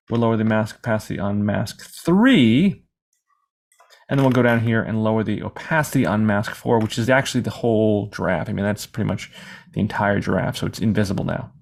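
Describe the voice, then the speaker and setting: A man teaching a screen-recorded software lesson in a casual, rambling way, sometimes acting out questions from imagined viewers. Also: fairly low pitch, gravelly. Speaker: software tutorial instructor.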